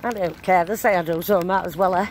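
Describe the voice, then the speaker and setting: A woman's voice: fairly low pitch, steady tone, quick pace. An older woman chats in a rambling, broad-dialect way while walking outdoors. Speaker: vlogger. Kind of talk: casual chat while walking. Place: outdoors on a town street. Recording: noisy outdoor street phone recording. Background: traffic and street noise.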